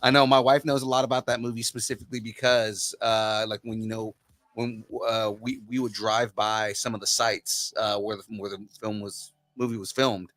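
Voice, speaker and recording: A man's voice: on the low side, little pitch movement, normal speed, a bit bright. A man hosting a podcast interview, talking casually and hesitantly, often restarting his sentences. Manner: hesitant, many fillers and restarts. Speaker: podcast host.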